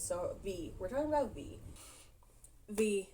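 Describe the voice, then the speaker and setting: A woman's voice: mid-range voice, lively intonation, measured pace, warm tone, faint music behind. A young woman casually recapping a movie for her vlog, chatty and giggly, animating her retelling. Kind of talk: casual chat.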